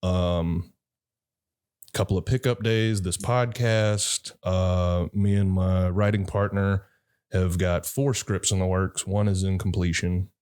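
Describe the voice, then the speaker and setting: A man's voice: low-pitched, fairly even intonation, slow, darkish tone, clear, resonant tone. A man who is a podcast guest, an actor and director, rambling through personal stories in a laid-back, profane way. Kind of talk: casual storytelling chat.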